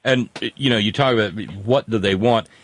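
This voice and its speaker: A man's voice: lowish voice, moderate pace. A man hosting a talk radio call-in show, talking in a conversational, wry way.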